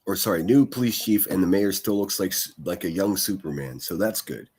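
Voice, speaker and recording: Husky low-voiced man rambling over news. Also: expressive, brisk, a little mellow. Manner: rambling, repeats words, swears casually. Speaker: host of a daily news livestream. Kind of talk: casual commentary over news clips.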